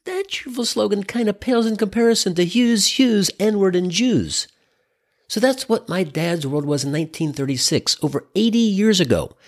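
A man's voice: sits high, brisk, few pauses. A man in his sixties from the US Midwest, telling a wry, irreverent comedic story in a conversational way. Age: 60s.

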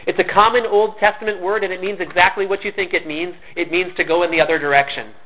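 Tinny-sounding man preaching a sermon. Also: high-pitched. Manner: conversational, earnest, repeats and restarts words. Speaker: pastor.

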